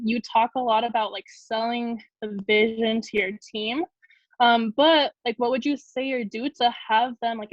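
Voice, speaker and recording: A woman's voice: on the high side, no echo, highs cut off. A woman asking a question on a call, hesitant and full of fillers.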